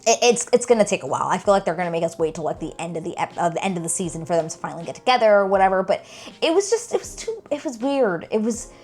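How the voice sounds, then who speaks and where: A young woman talking casually to camera as a TV reaction vlogger, animated and exasperated, filling her speech with "like" and "girl". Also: medium pitch, rapid-fire, slightly rough, soft background music.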